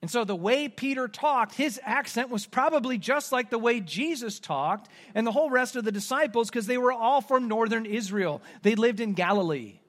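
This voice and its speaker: A man's voice: very high voice, lively intonation, normal speed, few pauses, fairly bright tone. A man from the American Midwest preaching a sermon as pastor, explaining scripture and acting out quoted lines.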